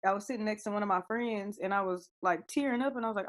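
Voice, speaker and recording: Woman guest, relaxed anecdotal chat, mid pitch. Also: fast talker. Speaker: guest on a call. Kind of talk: casual chat.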